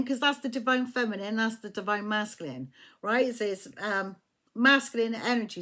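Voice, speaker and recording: A woman's voice: fairly high pitch, a bit bright. A woman giving a casual, chatty tarot reading, swearing freely and checking in with the listener again and again. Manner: chatty, profane, keeps asking "do you know what I mean". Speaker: tarot reader.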